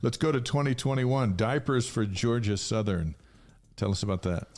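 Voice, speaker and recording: A man's voice: mid-range voice, normal speed, darkish tone. A man co-hosting a sports talk show, prompting the guest with questions. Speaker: radio show co-host.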